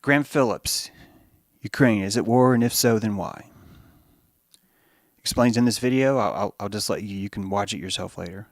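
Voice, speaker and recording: A man's voice: lowish voice, moderate pace, pauses often, no echo, studio quality. A man hosting a podcast, delivering a rambling, profane monologue commentary. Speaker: podcast host.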